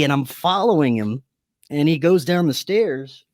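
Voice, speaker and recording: A man, a podcast guest, telling a personal story in a lively, casual way, swearing freely and often restarting his sentences. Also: on the high side, measured pace, no room sound, clean studio sound. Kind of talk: conversational storytelling.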